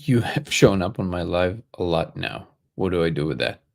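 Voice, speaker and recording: Low-voiced man hosting a casual livestream. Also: moderate pace, gravelly. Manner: relaxed, thinks aloud, joking asides. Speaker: livestream host. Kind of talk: casual live chat answering viewer comments.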